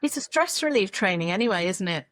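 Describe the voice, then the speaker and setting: A woman's voice: mid-range voice, lively intonation, fast talker, fairly bright tone, no echo. Chatty woman telling a story. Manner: chatty storyteller, acts out quotes, laughs often. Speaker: guest. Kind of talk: casual interview chat.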